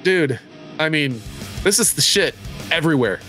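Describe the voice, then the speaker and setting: A man's voice: a little high, animated, sharp tone. A man co-hosting a metal music podcast in casual chat, swearing freely and laughing often. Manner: profane, enthusiastic, quick to laugh. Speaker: podcast co-host.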